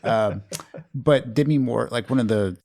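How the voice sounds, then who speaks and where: A man hosting a podcast, chatting about a film in a relaxed, loose and self-deprecating way. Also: mid-range voice, unhurried. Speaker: podcast host. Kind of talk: casual film discussion.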